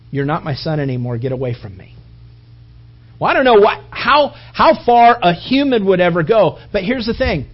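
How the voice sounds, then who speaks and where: A high-voiced man preaches a sermon with a husky edge. He tells his story in a lively way, acting out voices and sound effects. The recording is dull and lo-fi. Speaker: pastor.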